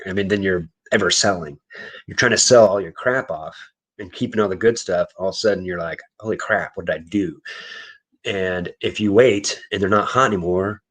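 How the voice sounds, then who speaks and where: Guy with a lowish voice rambling casually, laughs a lot, reseller chat. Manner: rambling storyteller, laughs often.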